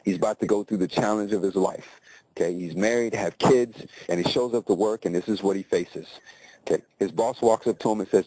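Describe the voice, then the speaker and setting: A man's voice: deep voice, a little fast, warm tone, no room sound, rough recording. A man telling a motivational story in a conversational way, often checking in with tag questions.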